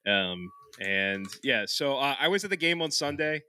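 A man's voice: mid-range voice, very animated, normal speed, pushed and bright, clean tone. A man co-hosting a podcast in casual chat, rambling, swearing and laughing often between thoughts. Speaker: podcast co-host.

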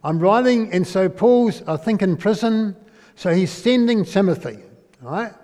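Speaking with a high, expressive, mellow voice at a measured pace, a preacher gives a sermon that feels like conversation. He keeps asking the listeners questions and tags his lines with "eh?", all within a long hall reverb.

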